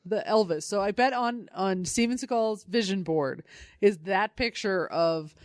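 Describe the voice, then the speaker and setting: A woman's voice: medium pitch, a little slow, no room sound, clean studio sound. A woman co-hosting a podcast, recapping a comic with wry, sarcastic asides. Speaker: podcast co-host. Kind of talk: casual comedic chat about comics.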